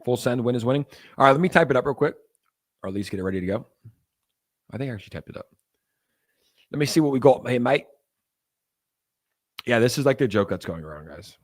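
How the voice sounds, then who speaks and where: A man's voice: mid-range voice, lively intonation, quick pace, long pauses. Young man, crypto stream host, casual rambling chat, filler-heavy, reads chat aloud.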